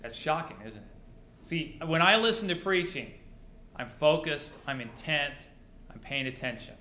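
A man's voice: fairly high pitch, lively intonation, unhurried, bright, forceful tone, slight background noise. A male pastor preaching a sermon to his congregation, mixing rhetorical questions with dry humor. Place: church sanctuary. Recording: roomy church echo.

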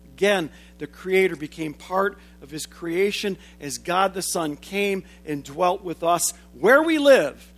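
Man preaching, high voice, forty-something, emphatic bursts then hushed low lines. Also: expressive, slow. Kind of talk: sermon.

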